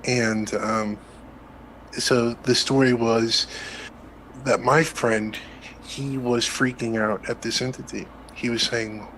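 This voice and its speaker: A man's voice: mid-range voice, steady tone, takes it slowly, fairly bright tone, a little hiss or hum, poor audio. A man calling in to a casual debate, talking hesitantly with many fillers and restarts.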